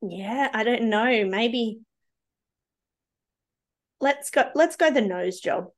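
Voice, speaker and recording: A woman's voice: a little high, slow. A woman with an Australian accent, chatting as a podcast guest, rambling and thinking aloud with likes and ums. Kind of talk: casual podcast chat.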